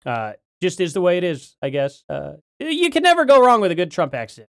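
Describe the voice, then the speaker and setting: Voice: mid-range voice, wildly swooping pitch, a little fast, hardly any pauses, a bit bright, clear, resonant tone, dry recording, studio quality. A livestream host chatting casually from home, rambling and correcting themself while reading out donations. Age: adult parent.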